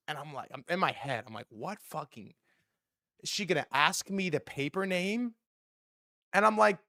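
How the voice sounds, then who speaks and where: Animated young man, dry close sound. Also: a little high, moderate pace, no room sound. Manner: animated, profane, switching voices for quoted people. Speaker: stream host. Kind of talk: casual storytelling with acted quotes.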